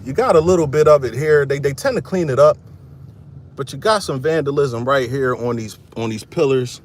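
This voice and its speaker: A man's voice: medium pitch, normal speed, a little hiss or hum. Blunt, profane man vlogging outdoors. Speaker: content creator. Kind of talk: casual vlog commentary while walking. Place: outdoors in a cemetery.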